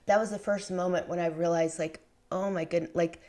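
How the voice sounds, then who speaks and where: A woman's voice: on the low side, fairly even intonation, a little fast, mellow. A middle-aged woman talking candidly as a podcast guest, rambling with lots of fillers and restarts. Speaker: podcast guest, memoir author. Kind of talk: conversational interview.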